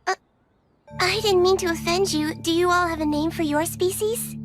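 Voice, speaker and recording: A woman's voice: very high-pitched, normal speed, music in the background. An actress playing a polite, earnest young witch girl who is lost far from home. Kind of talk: anime dub acting.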